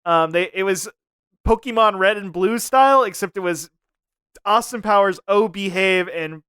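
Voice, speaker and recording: A man's voice: high voice, moderate pace, pushed and bright, clean tone, no echo, studio quality. A young man co-hosting a podcast in casual chat, laughing often and trailing off as he searches for names. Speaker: podcast co-host.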